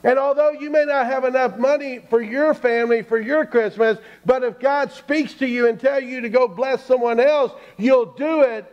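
A man's voice: extremely high pitch, moderate pace, few pauses. A man preaching a sermon as pastor, telling a story and acting out the people in it. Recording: dull lo-fi church stream.

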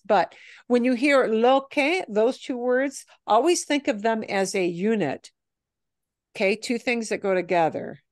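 Woman teaching slowly and patiently, dry sound, mid pitch. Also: no room sound. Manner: patient explaining, modeling phrases slowly. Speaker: Spanish teacher. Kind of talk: online language class.

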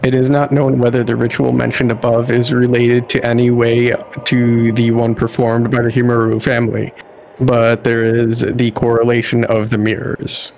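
A man on a casual gaming stream with a voice of ordinary pitch, reading in-game notes aloud at a steady, measured pace. His mic sounds a little dull and lo-fi, with a faint hiss behind him. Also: gravelly.

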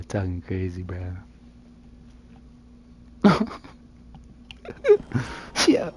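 A man's voice: low-pitched, sing-song, extremely slow, long pauses, slightly rough. A man live-streaming a roleplay, trading flirty, joking banter and putting on a street accent now and then. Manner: slips into a put-on street accent.

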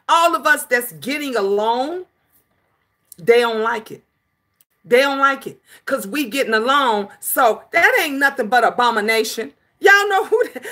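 A woman hosting a casual livestream, talking to her viewers in an animated, emphatic way, repeating lines for effect and cursing out trolls. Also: high-pitched. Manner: profane, scolding trolls. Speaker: livestream host.

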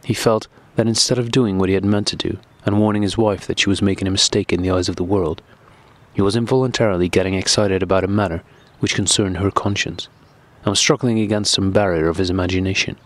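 A man narrating a classic novel as an audiobook in a steady, even reading. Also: low voice, fast, dry recording.

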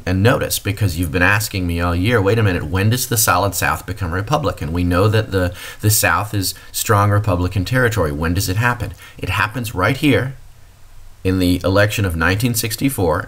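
Deep-voiced male history lecturer. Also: a bit bright. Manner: explanatory, addressing students directly.

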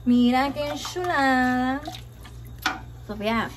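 This young woman, a home cook vlogger, speaks slowly in a high-pitched voice as she cooks. Her talk is casual and playful, full of swearing, and hops between Spanish and English, all captured in a noisy home kitchen.

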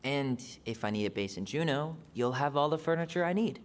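Actor as young adult brother, game character, dry wit, easygoing. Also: male voice, mid-range voice, expressive, brisk, close to an everyday voice. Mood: casual. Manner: dry, wry joker.

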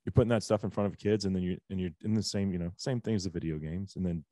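A man's voice: low voice, quick pace, dark tone, no echo, studio quality. A man in his forties hosting a casual talk show, ranting bluntly with rhetorical questions. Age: 40s. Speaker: host. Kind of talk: casual podcast chat.

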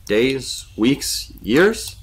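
A man's voice: mid-range voice, sing-song, drawn-out words, pitched above the performer's own voice. A man playing a young explorer lost in a cave, sarcastic and questioning.

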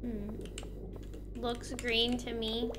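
A woman's voice: on the high side, little pitch movement, drawn-out words, noisy background. A young woman streaming a game, chatting casually and rambling as she thinks aloud, with many fillers and restarts. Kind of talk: casual chat while gaming. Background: game music.

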